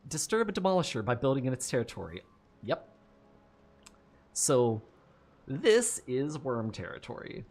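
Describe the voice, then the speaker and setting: A man's voice: mid-range voice, sing-song, unhurried, pauses often, a little mellow. A man giving casual gameplay commentary, thinking aloud, swearing freely and laughing often. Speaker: gameplay streamer.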